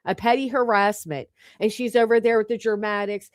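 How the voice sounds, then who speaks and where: An indignant woman rants straight into a close mic, her voice sitting a little high and bone-dry with no room sound. She is sarcastic and profane and keeps firing off pointed rhetorical questions. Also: fairly quick, hardly any pauses, no room sound. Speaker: online commentator. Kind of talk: heated ranting commentary.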